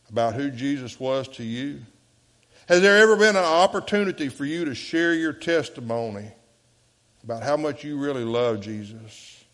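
A man preaches from the pulpit at a middle pitch, rising into emphatic bursts and then dropping to soft, low passages. His voice carries a long reverb from the church sanctuary around him. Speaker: pastor. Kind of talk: sermon.

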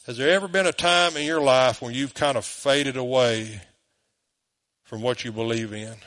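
A man's voice: mid-range voice, normal speed, fairly bright tone. A man with a Southern US accent, preaching a sermon as pastor, emphatic and full of rhetorical questions, in a church.

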